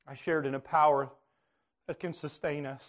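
A man preaching, telling a personal story in an earnest way that swings from hushed to loud. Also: fairly high pitch, steady tone, normal speed. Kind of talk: personal testimony sermon.

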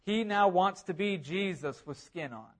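This sermon comes from a pastor whose voice sits notably high for a man, expressive and unhurried in pace. He preaches earnestly and drives his points home, repeating important phrases with rising emphasis.

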